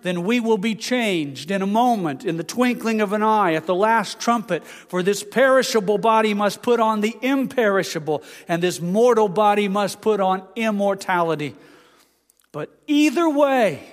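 A pastor giving a sermon, explaining scripture and reading passages aloud. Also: male voice, high-pitched, normal speed, hardly any pauses, long reverb tail. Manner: expository preaching, reads scripture aloud.

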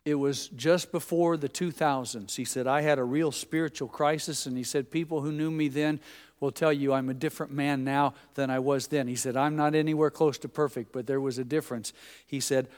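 A man with a mid-range, steady, clean voice preaches at normal speed. The pastor's sermon is full of folksy storytelling in which he acts out the people he quotes, all heard through long hall reverb.

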